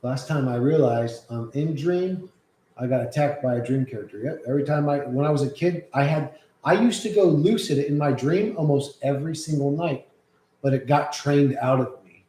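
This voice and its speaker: A man streaming live, chatting loosely with lots of swearing and cooing softly to his pet. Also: fairly high pitch, normal speed, reverberant, poor audio. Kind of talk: casual live-stream chat.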